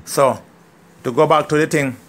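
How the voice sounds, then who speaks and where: A man's voice: on the high side, fairly even intonation, moderate pace. Angry Jamaican man ranting. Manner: heated, emphatic, keeps asking "you understand?". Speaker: farmer. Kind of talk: casual vlog rant.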